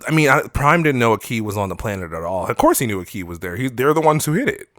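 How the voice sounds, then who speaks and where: A man's voice: mid-range voice, big pitch swings, quick pace, a bit bright, dry recording, studio quality. A man co-hosting a podcast, casually recapping a movie plot in a rambling way, swearing freely and acting out characters' lines. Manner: rambling recap with profanity and acted-out quotes. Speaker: podcast co-host. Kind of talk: casual movie review chat.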